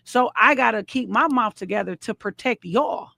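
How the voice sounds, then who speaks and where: A woman co-hosting a podcast, telling animated stories and acting out what people said, often laughing. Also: a little high, moderate pace, creaky, no room sound. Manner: animated, laughing storyteller, acts out quotes. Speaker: podcast co-host. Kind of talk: casual storytelling chat.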